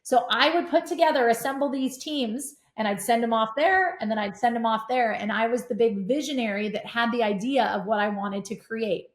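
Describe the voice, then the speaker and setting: Middle-aged woman, animated storyteller with a fairly high voice, in an echoey room. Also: moderate pace, few pauses. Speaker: podcast guest, real estate investor. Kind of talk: casual conversation. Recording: roomy echo.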